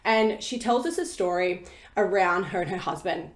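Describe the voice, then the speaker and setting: A woman's voice: fairly low pitch, normal speed. Emphatic woman in an echoey room. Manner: emphatic, blunt, swears casually. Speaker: podcast host. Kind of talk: solo podcast monologue. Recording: roomy echo.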